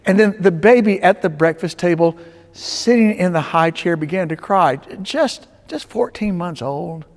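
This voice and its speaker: A male pastor preaching a sermon, telling stories with dramatic swings between loud urging and hushed tones. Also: high-pitched, unhurried. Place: church sanctuary. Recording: long reverb of a church sanctuary.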